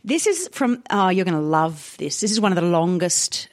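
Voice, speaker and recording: Low-voiced Australian woman co-host. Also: sing-song, moderate pace, dry recording, clean studio sound. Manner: chatty, amused asides while reading. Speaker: podcast co-host. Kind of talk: casual chat, reading old articles aloud.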